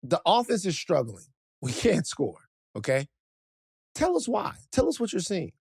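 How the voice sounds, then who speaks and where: Gravelly Southern man, animated, dry studio sound. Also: high voice, normal speed, no room sound. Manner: animated, fired-up ranting. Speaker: co-host. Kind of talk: casual sports podcast chat.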